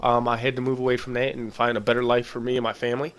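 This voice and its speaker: A man's voice: mid-range voice, flat delivery, racing, fairly bright tone. A man from Michigan hosting a gaming channel, giving casual gameplay commentary that is blunt, rambling and full of swearing. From Michigan, USA.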